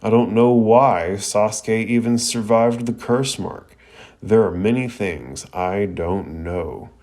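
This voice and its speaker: A man playing a cold teenage ninja rival who speaks gravely and deliberately. The voice is low and measured. It is read out inside a casual spoken review. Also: a little mellow.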